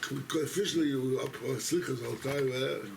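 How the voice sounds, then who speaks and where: A man's voice: medium pitch, fast talker, creaky, noisy background. A man speaking as a rabbi, telling a rambling, self-interrupting story to his congregation in a synagogue.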